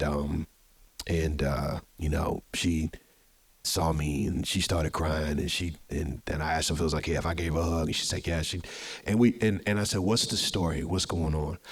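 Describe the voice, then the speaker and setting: A man with a very low, husky voice tells a story at a live podcast show. He talks with energy, hypes up the crowd and often repeats words as he goes. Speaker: podcast host. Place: live show venue with audience.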